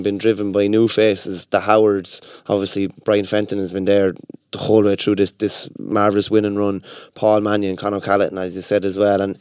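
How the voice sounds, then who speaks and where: Quick, smooth-voiced Irish man. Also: lowish voice, a little mellow, dry recording, clean studio sound. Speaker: football pundit. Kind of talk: radio studio discussion.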